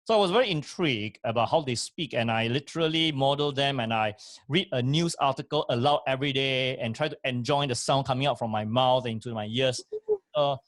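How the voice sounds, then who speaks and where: Male co-host, mid pitch, dry close sound, instructive. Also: fairly quick, fairly bright tone, no echo. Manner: emphatic, instructive, repeats key points. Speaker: co-host and motivational speaker. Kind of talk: casual chat, giving advice.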